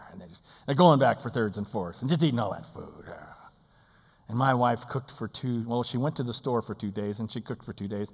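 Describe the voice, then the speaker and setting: An older man preaching a sermon, animated and emphatic, with folksy humor and quoted scripture. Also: mid-range voice, moderate pace, long pauses, breathy edge, long reverb tail.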